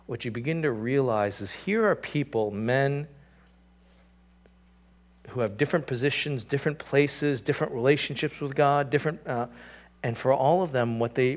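A man preaching a sermon in a conversational way, with asides to the listeners, building to emphatic peaks and then dropping to a quiet, earnest tone. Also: mid-range voice. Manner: conversational, with "you know" and "right?" asides. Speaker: pastor.

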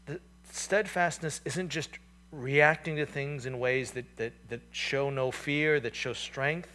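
A man delivering a sermon in a relaxed, conversational style, with a bright and forceful edge to his voice. He swings from emphatic raised passages to quiet, reflective asides. His pitch sits in the middle range. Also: slow pace. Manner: conversational preaching with fillers, rising intensity and quiet reflective drops. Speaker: pastor.

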